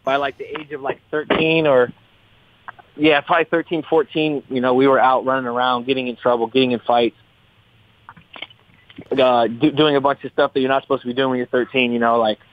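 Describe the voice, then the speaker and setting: A man's voice: medium pitch, level tone, a little fast, slight background noise. A young man, a fighter, talking in a casual interview, rambling, repeating his words and swearing freely. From US West Coast. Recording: tinny phone-like line.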